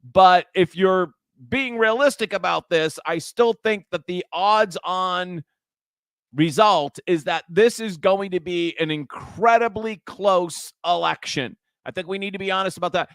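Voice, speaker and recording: Man, talk show host, high voice, rambling chatty delivery, dry close sound. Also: measured pace, gravelly, fairly bright tone, smooth, no echo. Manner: chatty, rambling, with frequent restarts and asides. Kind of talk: casual political talk show.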